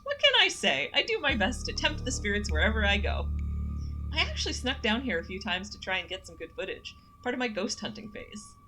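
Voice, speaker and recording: A woman's voice: on the high side, wildly swooping pitch, fairly quick, pushed and bright, faint music behind, exaggerated voice. A woman voicing a chipper young female ghost-hunting streamer who relishes spooky places, reading aloud from a game. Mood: gleeful. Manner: chipper, gleeful about spooky things.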